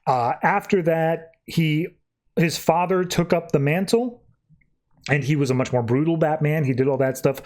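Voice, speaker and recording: A man with a slightly raised voice recaps comic stories in a casual, rambling podcast style. He drifts between plot points with lots of loose filler. His delivery is animated and chatty. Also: on the high side, moderate pace. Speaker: podcast host.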